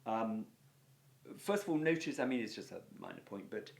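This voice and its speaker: A male Latin teacher with an English accent and a low voice that rises and falls a lot. He explains grammar patiently and steadily, step by step, and keeps checking in with the listener. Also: lively intonation, normal speed, vocal fry. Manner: patient, explanatory, often says "okay". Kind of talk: walking through textbook exercises.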